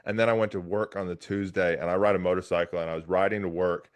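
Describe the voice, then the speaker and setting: A man hosting a casual interview, telling a personal story in an animated way with frequent restarts. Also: low-pitched, fast. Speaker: podcast host.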